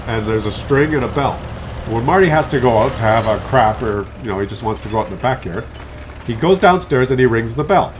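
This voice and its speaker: A man's voice: mid-range voice, slight background noise. A man giving casual, playful, jokey commentary over his tank game at home. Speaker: gameplay commentator.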